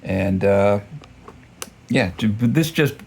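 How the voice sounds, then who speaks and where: This book review is loose and rambling, delivered slowly by a man whose lowish, creaky voice has lively intonation over slight background noise. He's self-deprecating, full of fillers and restarts.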